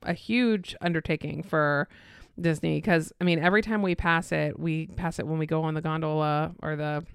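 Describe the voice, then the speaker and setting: Clear-voiced chatty woman co-host. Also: deep voice, steady tone, normal speed, no echo, studio quality. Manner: chatty, laughs often, loses her words. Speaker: podcast co-host. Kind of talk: casual chat. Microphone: looking at her phone while talking.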